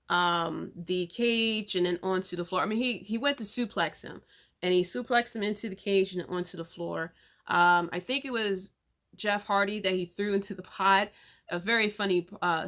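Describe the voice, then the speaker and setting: A woman hosts a podcast, walking through what happened in a loose, chatty ramble that is full of fillers. Her voice is bright and clear, sitting at a middle pitch. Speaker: podcast host. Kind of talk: casual recap of a wrestling event.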